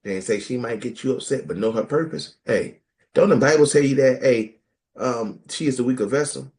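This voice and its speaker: A man of medium pitch talking at normal speed takes part in a casual podcast conversation about scripture. As co-host he's animated and funny, slipping into other people's voices when quoting them.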